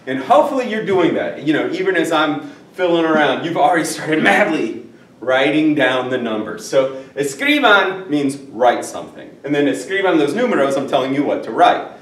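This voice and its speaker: Man teaching spanish, playful asides, animated pitch, echoey classroom, distant mic. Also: moderate pace. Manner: playful, joking asides between drills. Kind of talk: classroom lesson at a whiteboard. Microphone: far camera.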